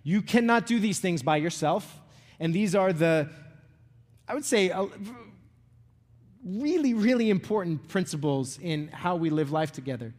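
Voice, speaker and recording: Middle-aged male pastor, casual sermon delivery, slightly high voice, big church reverb, keeps asking "right?". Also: expressive, a little slow, a little mellow. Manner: conversational, asks "right?" and "okay?" often; repeats words and restarts phrases. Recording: long reverb of a large hall.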